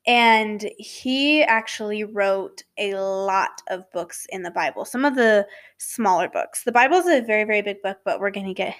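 A woman hosting a casual faith talk, rambling with asides and self-corrections, sometimes dropping to a soft whisper. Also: medium pitch, moderate pace. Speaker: podcast host.

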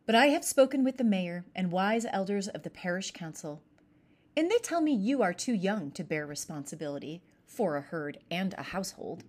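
A woman's voice: lowish voice, sing-song, normal speed, darkish tone. A woman voicing a persuasive, scheming middle-aged uncle in a storybook reading, coaxing and insistent.

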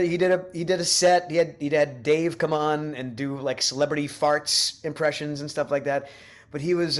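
A man, an actor who is a guest on a podcast, recalling past work in a reflective, soft-spoken way, with stammered restarts. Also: fairly high pitch. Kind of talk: casual chat.

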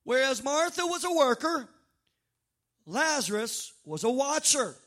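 Man preaching, very high voice, shouts and sung stretches, sermon to a congregation. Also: sing-song. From North Louisiana. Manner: dynamic preaching, bursts of shouting and drawn-out sung phrases. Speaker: pastor. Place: church sanctuary before a congregation.

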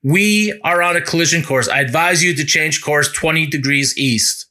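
A man voicing a stern male warship captain who gives commands slowly and with emphasis in a sermon story. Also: on the high side, pushed and bright. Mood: commanding.

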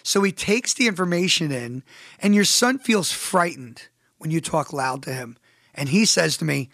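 High-voiced man hosting a solo podcast. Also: lively intonation, moderate pace, creaky, fairly bright tone, no room sound, studio quality. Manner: emphatic, addresses listeners directly; storytelling with rhetorical questions. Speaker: podcast host.

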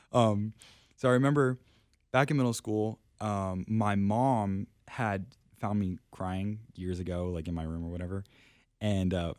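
A man's voice: on the low side, dry recording, clean studio sound. A young man on a faith podcast, telling personal stories in a casual, self-deprecating way and laughing often. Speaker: podcast guest. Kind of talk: casual storytelling chat.

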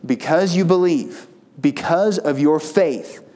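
A man voicing a calm, patient Jesus who speaks gently and reassuringly to two men, in a slow and slightly lower tone. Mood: gentle.

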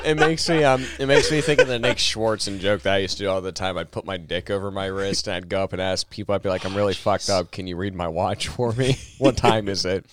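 A man's voice: low voice, a little fast, hardly any pauses, background noise. A man trading crude jokes and stories as a podcast co-host in casual banter. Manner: jokey, crude one-liners.

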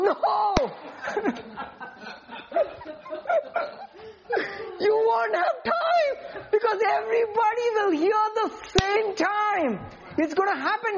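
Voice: high-pitched, highs cut off. A preacher delivering an emphatic sermon and often asking the congregation questions.

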